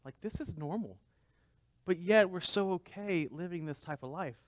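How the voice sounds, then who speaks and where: A man's voice: sits high, normal speed, dry recording. A man pastor giving a conversational sermon, asking the congregation rhetorical questions.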